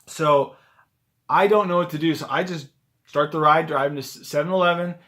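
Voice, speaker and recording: A man with a slightly high voice tells a story straight to his camera, in a loose, chatty way. He fills his sentences with "like" and keeps a casual vlog tone. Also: moderate pace. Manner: chatty, animated, lots of "like" fillers. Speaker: rideshare driver vlogger. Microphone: handheld camera on a gimbal.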